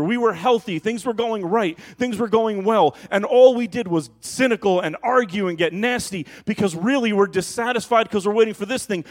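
A man preaches a relaxed, conversational sermon, teasing and addressing his congregation directly. His voice sits noticeably high for a man. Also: poor audio. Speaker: pastor.

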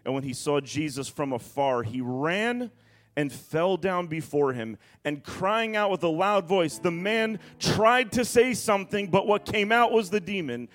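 Male pastor, slightly high voice, dramatic scripture reading with asides. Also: animated, unhurried.

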